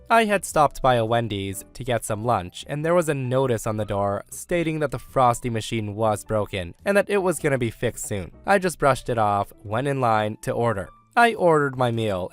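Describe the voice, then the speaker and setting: Chatty man narrating online stories. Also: medium pitch. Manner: lively, chatty, quick asides to the listener. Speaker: story narrator.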